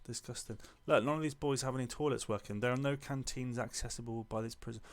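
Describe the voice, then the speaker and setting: A man talks casually through a let's-play, joking and reacting as he clicks along. His voice sits at an everyday middle pitch. The delivery is loose and conversational. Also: quick pace. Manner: chatty and joking, reacting aloud as he plays. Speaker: gamer playing a management game.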